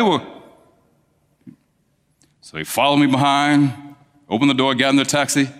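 A male preacher telling a story in a sermon, animated, rising to high emphatic peaks. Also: normal speed, clean tone. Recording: long reverb of a large hall.

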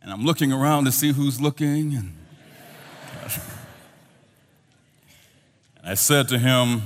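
A male pastor telling a story in a sermon, animated, his voice trailing off softly at the ends of phrases. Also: mid-range voice, slow pace, long pauses, long reverb tail.

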